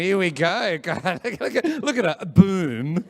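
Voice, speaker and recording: A man's voice: high voice, animated, moderate pace, hardly any pauses, fairly bright tone, long reverb tail. A man hosting an event as a comedian, chatty and teasing the crowd live. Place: live event room with audience.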